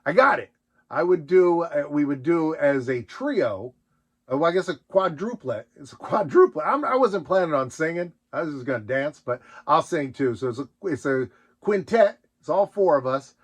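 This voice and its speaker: Man, casual solo Q&A host, playful, rambling, laughs often, slightly high voice. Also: sing-song, normal speed. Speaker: host answering viewer questions.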